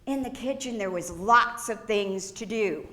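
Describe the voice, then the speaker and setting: A woman pastor giving a funeral eulogy in a church, telling stories with gentle laughs. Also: mid-range voice, unhurried. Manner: warm storytelling with gentle laughs. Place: church sanctuary. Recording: echoey church room.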